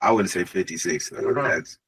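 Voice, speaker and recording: A casual, eager man asks a coach follow-up questions and laughs easily as he goes. His voice sits very low and carries a husky, breathy edge. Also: fairly even intonation, moderate pace, fairly bright tone, rough recording. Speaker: community member asking questions. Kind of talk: casual Q&A chat.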